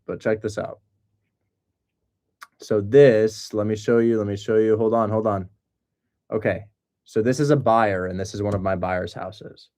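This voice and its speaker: Young guy hosting a chatty stream, lowish voice, gets excited and jokes around. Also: a little slow, pauses often. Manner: excitable and joking, breaks into loud mock accents. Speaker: host of a livestream on real estate wholesaling. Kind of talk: casual livestream talk.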